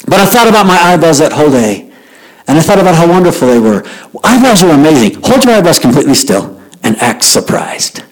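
Animated storytelling man. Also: medium pitch, fast talker, low-quality recording. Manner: animated storyteller acting out quoted voices. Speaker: speaker at a youth talk. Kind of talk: storytelling devotional talk.

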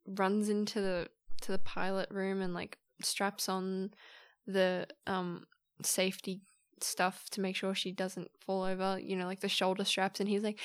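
A woman's voice: medium pitch, no room sound. A young woman hosting a casual solo podcast, rambling and chatty as she retells a film story. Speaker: podcast host.

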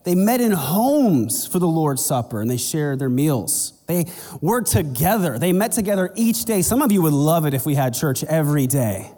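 A man preaching in a casual, talkative way, his voice a little on the high side. The sound carries a long reverb as if from a large church hall. When he plays out conversations with churchgoers, his voice leaps up in pitch. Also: very animated, normal speed, warm tone. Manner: conversational preaching, acts out dialogue in a raised voice. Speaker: pastor. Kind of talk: sermon.

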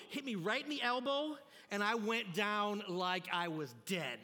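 A man giving a youth sermon, telling a story in an animated, jokey way and acting out the scenes. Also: high-pitched, moderate pace, long reverb tail. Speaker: youth pastor. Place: church sanctuary.

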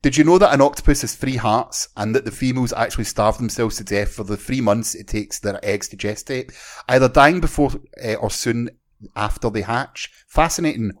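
A man's voice: medium pitch, a little fast. A man with a Scottish accent hosting a casual podcast, reading out awards in a wry, mock-formal way. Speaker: podcast host.

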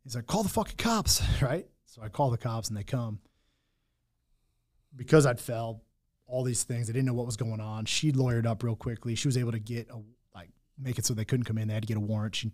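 A man's voice: mid-range voice, little pitch movement, a little fast, a little mellow. A young man telling his own hard story in candid talk, blunt and full of swearing and restarts. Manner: raw, blunt, swears often, many restarts.

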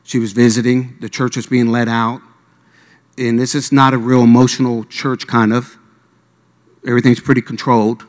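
A man from Miami tells a sermon story, acting out each voice in the scene. His mid-pitched voice carries a long reverb from a large hall. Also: flat delivery, normal speed. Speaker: preacher.

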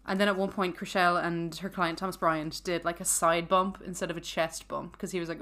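A woman co-hosting a podcast, chatting casually and jokily about a reality show episode, full of slang and quick to laugh. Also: on the low side, flat delivery, fairly bright tone. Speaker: podcast co-host. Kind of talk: casual recap chat.

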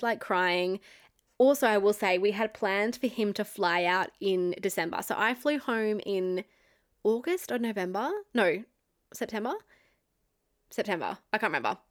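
A young woman telling a personal story to camera in a candid, chatty way, with lots of "like" and some swearing. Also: mid-range voice. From Australia. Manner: chatty and candid, heavy use of "like", frequent swearing. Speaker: vlogger. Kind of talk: storytime monologue.

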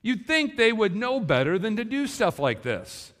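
A man preaching a sermon in a church, animated and acting out the disciples' words. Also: high voice, moderate pace. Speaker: pastor. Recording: long hall reverb.

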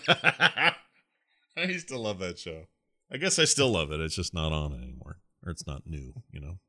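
A middle-aged man co-hosting a podcast in a loose, rambling way, stopping for fillers. His voice sits low but rings bright. The close studio mic leaves it dry, with no room sound. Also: normal speed, dry recording. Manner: rambling, relaxed, many fillers. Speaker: podcast co-host. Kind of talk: casual podcast chat.

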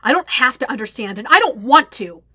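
A woman's voice: mid-range voice, moderate pace, dry recording, clean studio sound, lightly acted. A woman voicing a young man who snaps back firmly and refuses to back down. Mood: defiant. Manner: firm, snapping. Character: stern, defiant young man standing his ground. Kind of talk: audiobook reading.

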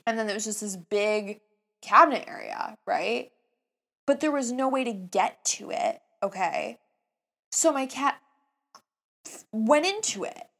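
A young woman in her twenties telling a story casually, with animated jumps between hushed asides and excited outbursts. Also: a little high, a little slow, creaky, long pauses.

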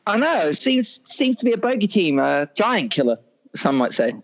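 Playful male podcast guest, higher voice, lo-fi audio. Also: sing-song, moderate pace. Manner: playful, joking in mock French. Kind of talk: casual podcast chat.

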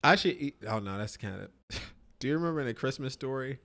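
A man's voice: medium pitch, lively intonation, brisk, creaky, a bit bright. A man co-hosting a podcast, chatting casually with crude, loose storytelling. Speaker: podcast co-host.

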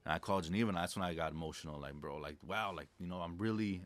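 With a deep voice, a young man races through his words. He's guesting on a podcast as a credit specialist, laid-back and reflective, recounting stories in casual slang.

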